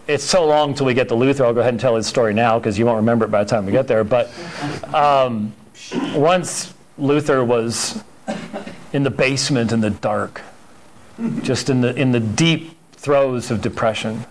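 A man's voice: mid-range voice, moderate pace, slight background noise. A man teaching a Sunday school church history class in an emphatic, conversational way, often repeating words.

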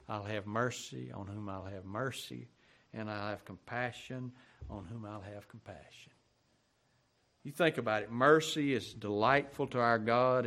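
Male preacher, mid-pitched, sermon delivery with dramatic swells and hushed line endings. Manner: rhetorical questions, swells loud then drops soft.

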